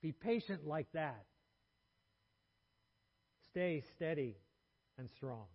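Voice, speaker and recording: A man preaches a sermon with a slightly husky, somewhat raised voice. He talks in a measured, earnest way, and his phrases fall away softly at the ends. The recording sounds a little dull and lo-fi. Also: a little high, lively intonation. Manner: measured, earnest preaching with trailing soft phrase endings and small restarts.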